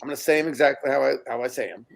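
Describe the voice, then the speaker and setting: A man in blunt, swearing podcast banter, with a gravelly, creaky texture in his voice. His pitch is middle of the road. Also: racing. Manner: blunt, swears, laughs a lot. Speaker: podcast co-host. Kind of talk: casual podcast chat.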